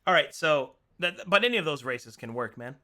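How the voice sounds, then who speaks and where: A man's voice: on the high side, brisk. A young man running a tabletop game session, chatting casually and laughing often. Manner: laughs a lot, relaxed and joking. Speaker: game master.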